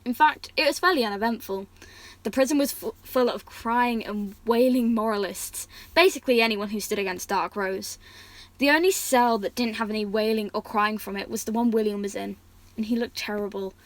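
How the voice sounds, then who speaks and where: A woman's voice: fairly high pitch, normal speed, no echo, poor audio. A woman reading a fantasy story aloud, restarting words now and then. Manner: reads characters' lines with stronger feeling, slips and restarts words. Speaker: reader.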